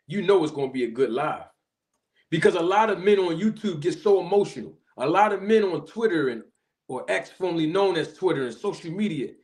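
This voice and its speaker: Guy hosting a live stream, kinda high voice, hyped shout-outs to the chat. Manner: animated, shouting out viewers. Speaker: livestream host.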